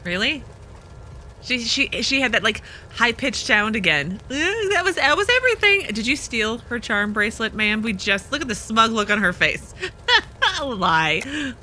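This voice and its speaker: A woman's voice: a little high, expressive, a little slow, bright, forceful tone, slight background noise. A young woman streamer chatting and giggling as she plays through a detective game and comments along. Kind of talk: let's play commentary.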